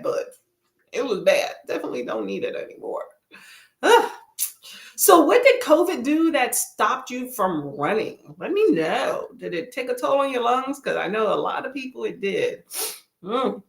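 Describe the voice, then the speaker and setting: This livestream host is a woman from Texas whose gravelly, medium-pitched voice carries a roomy sound. Folksy and talkative, she throws in "y'all" while reading viewers' comments aloud during her casual chat.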